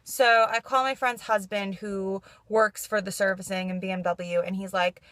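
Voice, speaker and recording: A woman's voice: mid-range voice, level tone, normal speed, a bit bright, no echo. A young woman vlogging in a casual, chatty way, saying "like" constantly and laughing through her frustration. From New York. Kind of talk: casual vlog chat.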